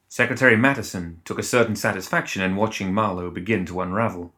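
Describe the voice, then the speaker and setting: A man narrating an audiobook in a measured, even storytelling manner. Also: low voice.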